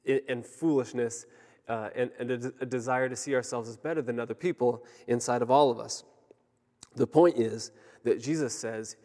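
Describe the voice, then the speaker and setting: Male pastor, thirties, middle pitch, chatty storytelling sermon, long hall reverb. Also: moderate pace. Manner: conversational storytelling, lively when acting out a story.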